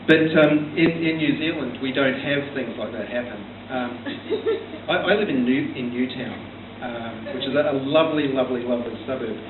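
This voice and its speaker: Australian man, first stand-up set, halting and dry, lo-fi distant bar recording with steady background noise. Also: mid-range voice, roomy sound. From South Australia. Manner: hesitant, full of ums and restarts, dry storytelling. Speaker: first-time stand-up comedian. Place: small comedy bar stage. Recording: tinny distant room recording with hum.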